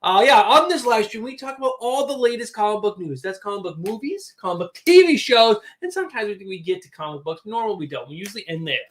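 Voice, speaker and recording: A man with a strikingly high, lively voice that swoops up and down as he co-hosts a casual livestream. He is upbeat and jokey and laughs easily, heard through a webcam mic. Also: fast talker, hardly any pauses. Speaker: co-host of a livestream show.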